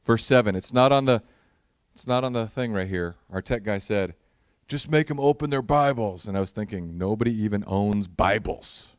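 Smooth low-voiced man preaching casually. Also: fairly even intonation, normal speed, dry recording, studio quality. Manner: casual storytelling with humor, rising to earnest prayer. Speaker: pastor. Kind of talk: conversational sermon.

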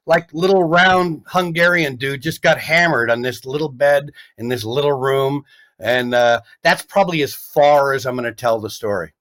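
A comedian guest telling a story in casual chat, rambling and animated with lots of restarts. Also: male voice, mid-range voice, moderate pace.

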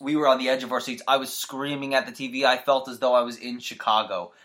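A man's voice: mid-range voice, fairly even intonation, quick pace, sharp tone. A man appearing as a podcast guest, chatting casually about wrestling with jokey, mock-indignant rants.

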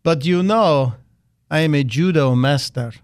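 A man's voice: a little high, no room sound, studio quality, close to an everyday voice. A man doing an exaggerated mock-Russian accent, playing a stern middle-aged strongman leader. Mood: deadpan boastful. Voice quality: heavy, slow, deliberately bad accent.

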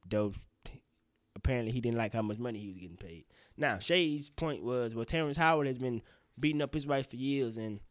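A man's voice: mid-range voice, no echo, clean studio sound. A young man hosting a podcast, ranting in casual news commentary, profane and prone to tangents. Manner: animated, profane, goes off on tangents. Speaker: podcast host.

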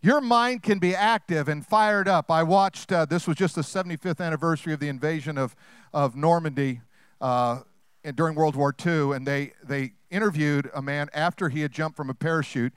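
A man preaching with a high, smooth, resonant voice. He talks in a lively, conversational way and slips into acted-out voices. The sound is close and dry. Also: normal speed, no echo. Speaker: pastor. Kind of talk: sermon.

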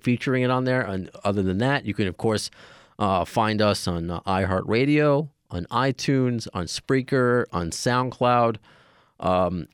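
Halting, low-voiced male podcast host. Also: clear, resonant tone, no room sound, clean studio sound. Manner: rambling, halting with many fillers. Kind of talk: casual podcast outro.

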